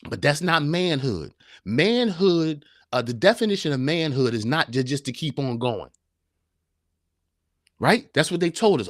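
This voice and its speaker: With a sing-song, medium-pitched voice and an unhurried pace, this man hosts a motivational podcast streamed live. The sound is clean studio audio with no room sound, and he preaches emphatically, firing off rhetorical questions again and again.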